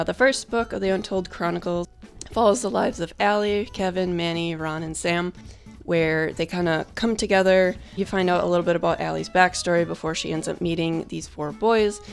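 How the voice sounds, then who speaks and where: A woman's voice: lowish voice, creaky. A young woman in casual chat, announcing her book in an upbeat, chatty way that pokes fun at herself. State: out of breath at first. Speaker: vlogger and author.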